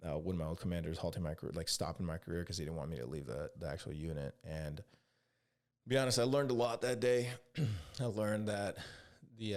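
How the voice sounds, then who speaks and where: A man's voice: low-pitched, creaky. A man hosting a podcast, rambling through casual profane stories about his Army days and acting out the other people's lines. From California. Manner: profane, rambling, with animated quoted dialogue. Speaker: podcast host; Army veteran. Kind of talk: casual solo storytelling.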